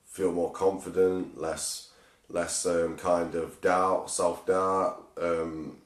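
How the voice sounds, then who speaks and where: A man with a very low voice hosts a casual podcast chat. He muses and rambles with plenty of fillers, and the room around him is echoey. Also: level tone, takes it slowly. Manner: reflective, rambling, with many fillers. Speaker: podcast host.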